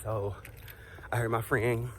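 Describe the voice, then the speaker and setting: A man's voice: medium pitch, flat delivery, slow, a little hiss or hum. A young man vlogger telling a casual storytime while walking outdoors, sassy and chatty with asides to his viewers.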